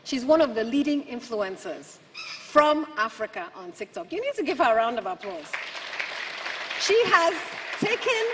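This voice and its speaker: A woman's voice: fairly high pitch, big pitch swings, normal speed, a crowd in the background, noisy background. A woman giving a conference speech, punchy and rhetorical with lots of repetition. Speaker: keynote speaker. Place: large conference hall. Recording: hall reverb from the PA.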